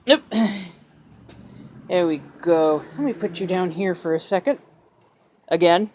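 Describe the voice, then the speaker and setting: Slow-talking woman cooing at her parrot. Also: on the low side, expressive, a little mellow, slight background noise. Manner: sing-song pet talk. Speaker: vlogger. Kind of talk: casual talk to her pet parrot. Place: outdoors on a street in the rain. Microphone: handheld camera while walking.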